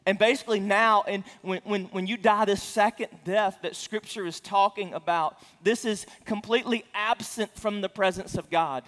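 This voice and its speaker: A man preaching a sermon as a pastor, speaking earnestly with frequent restarts and stammered repeats, and getting louder for emphasis. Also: fairly even intonation, moderate pace, hardly any pauses, big-room sound. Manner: rises in pitch and volume for emphasis.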